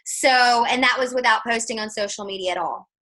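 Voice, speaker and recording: A woman tells her story over a video call, lively and chatty. She acts out bits of dialogue as she goes. Her voice is bright, sitting a touch high. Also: fairly quick, poor audio. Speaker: guest speaker.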